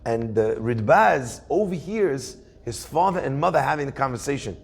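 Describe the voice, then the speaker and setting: A man, a rabbi giving a weekly Torah class, telling stories in an animated way and acting out quoted voices. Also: mid-range voice, moderate pace, gravelly, husky.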